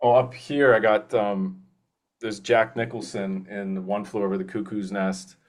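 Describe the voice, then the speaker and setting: A male voice actor with a lowish voice and a level tone talks as a guest in an informal interview. Eager and meandering, he leans on lots of fillers and restarts, and he drops into quick impressions of movie characters along the way.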